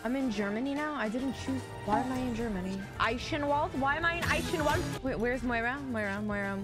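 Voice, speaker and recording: A woman streaming a game, chatting excitably with teammates and viewers, swearing often and breaking into sudden shrieks. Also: fairly high pitch, brisk. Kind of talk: live game stream commentary. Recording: game music behind the voice. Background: game music and sound effects.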